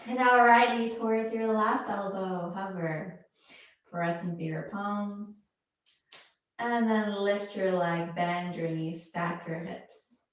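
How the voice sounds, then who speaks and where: A woman leads a yoga class, cueing each pose and breath in a slow, unhurried way. Her voice rings out in a strongly echoing room. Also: medium pitch, steady tone, lo-fi sound. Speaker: yoga instructor. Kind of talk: guided yoga class instruction. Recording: very echoey room.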